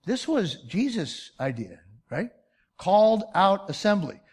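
Man, 50s, pastor, sermon, emphatic, rhetorical questions, slightly high voice. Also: big pitch swings, a little slow, a little mellow, slightly rough.

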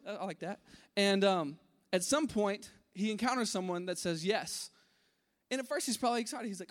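A man with a high voice gives a relaxed, conversational sermon to a room full of people. He acts out voices in his story and swings from loud to hushed. His voice rings with a long hall reverb. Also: a little fast. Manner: animated, acts out voices in his story, drops to a hush at key points. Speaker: preacher. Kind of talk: casual sermon. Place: large room with an audience.

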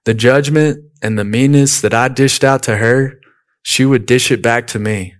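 A man preaching a sermon in a relaxed, conversational way, weaving in stories from his own life and often saying "you know". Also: medium pitch, moderate pace. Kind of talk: sermon with personal storytelling.

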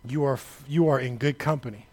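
A man preaching a sermon, talking straight to the congregation, building to shouted peaks and then dropping low and quiet. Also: brisk. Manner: conversational, addresses the congregation directly.

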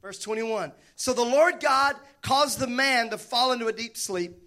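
A man preaching with a high, bright voice. He is animated and jokes with his listeners as he works through his sermon. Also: a little slow. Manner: animated, joking with the congregation. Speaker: pastor.

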